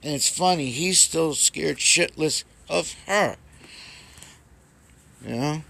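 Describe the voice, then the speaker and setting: A man casually rambling in a home vlog, cooing softly at his cats. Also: fairly high pitch, slow, gravelly. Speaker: vlogger. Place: home indoors.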